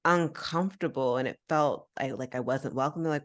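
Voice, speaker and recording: A woman's voice: low voice, fairly quick. A woman from the United States hosting a podcast, telling a personal story in casual chat and acting out the voices of people in it. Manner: animated, acts out voices in her stories. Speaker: podcast host.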